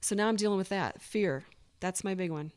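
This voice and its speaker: This woman's voice is mid-range and a little mellow, and she talks fairly quickly. As a guest on a recovery podcast, she opens up earnestly in a frank interview, occasionally voicing her own past thoughts.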